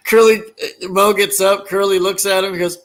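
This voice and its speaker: A man's voice: sits high, moderate pace. A man in casual chat, animatedly retelling comedy scenes with lots of fillers and rambling asides. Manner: animated storyteller, acts out quotes from comedy scenes; loose, rambling with many fillers. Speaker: conversation partner.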